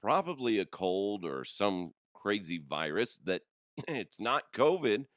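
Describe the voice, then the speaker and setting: A man hosting a comedy podcast, hoarse from a cold, talking casually with lots of swearing and laughter. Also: on the low side, slow pace, no room sound, clean studio sound. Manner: animated, swearing, laughs a lot. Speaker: podcast host.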